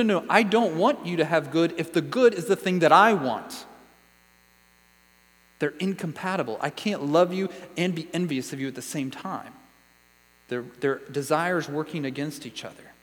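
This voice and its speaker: Man preaching in an echoing hall. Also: on the high side. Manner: earnest, conversational preaching with rhetorical questions. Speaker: pastor. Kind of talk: sermon.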